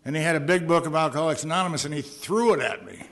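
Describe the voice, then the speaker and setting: A man's voice: fairly high pitch, very animated, rapid-fire, creaky, a bit bright, slight background noise. A middle-aged man telling his personal recovery story from a podium, earnest and at times wry. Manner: earnest storytelling with dry humor. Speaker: recovery meeting speaker.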